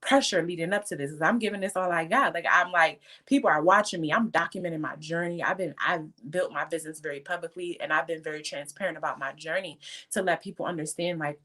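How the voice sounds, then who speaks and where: Fervent low-voiced woman near tears. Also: fast, bright, forceful tone. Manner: fervent, faith-filled, tearful. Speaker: guest entrepreneur. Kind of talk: emotional personal testimony.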